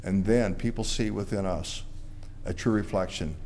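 A man preaching a sermon to a church congregation, rising to loud emphatic peaks and dropping to quiet, low endings. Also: fairly even intonation, normal speed, a little hiss or hum.

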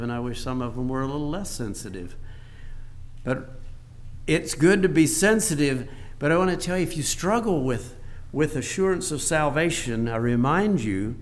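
An older man preaching a sermon in a folksy way, repeating his phrases and swinging between soft and loud. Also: a little high.

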